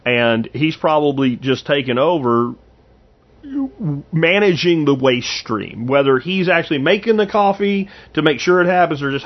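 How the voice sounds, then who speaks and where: A man's voice: medium pitch, expressive, normal speed, muffled recording. A man in his fifties hosting a podcast, rambling casually through anecdotes with frequent restarts. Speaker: podcast host. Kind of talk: casual monologue.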